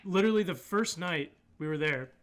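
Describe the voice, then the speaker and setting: A man's voice: fairly high pitch, expressive, a little fast. A man co-hosting a horror game playthrough, chatting casually with wry remarks. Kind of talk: casual let's-play chat.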